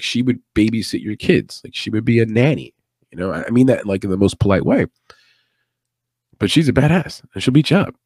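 A man's voice: on the low side, a little mellow, dry recording, clean studio sound. A man hosting a late-night MMA podcast, talking in a chatty, opinionated, rambling way with asides. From United States East Coast. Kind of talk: casual live-stream commentary.

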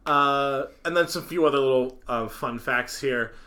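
A man's voice: medium pitch, normal speed, bright, forceful tone. A man co-hosting a casual podcast chat about a film, laughing often, with lots of ums and uhs. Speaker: podcast co-host.

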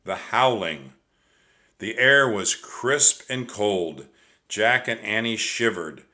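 Male audiobook narrator, measured and expressive, unhurried with a bright tone. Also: lowish voice.

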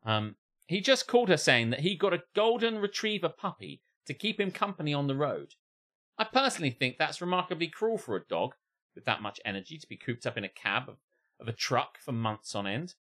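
A man's voice: a little high, a little fast. A man co-hosting a comedy podcast, reading out a post and riffing on it with laughter and swearing. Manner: animated, laughing, swearing, mock voices. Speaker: podcast co-host. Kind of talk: comedic reading of online posts.

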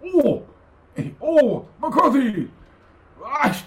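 A man voicing an older Japanese male karate sensei, flustered and formal, speaking in a high, excited, halting way. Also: exaggerated voice.

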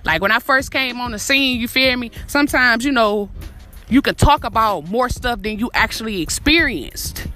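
A woman's voice: on the high side, expressive, moderate pace, sharp tone. A woman in her twenties hosting a podcast, giving a profane, emphatic motivational pep talk straight to her listeners. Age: 20s. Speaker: podcast host.

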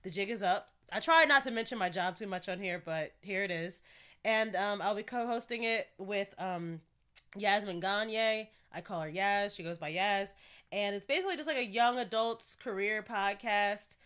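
A woman's voice: medium pitch, moderate pace, clear, resonant tone. Chatty young woman podcast host. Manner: chatty, laughs often, candid and animated. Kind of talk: casual solo podcast chat.

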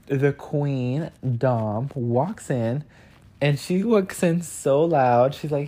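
A man's voice: a little slow, dark tone. Chatty young man telling a story. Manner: chatty, heavy on filler "like", acts out quotes in a higher voice. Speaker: vlogger. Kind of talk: casual storytelling vlog.

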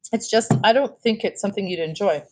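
A woman reading a calm firm mother. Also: mid-range voice, noisy background, lightly acted. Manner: quiet, measured read-aloud.

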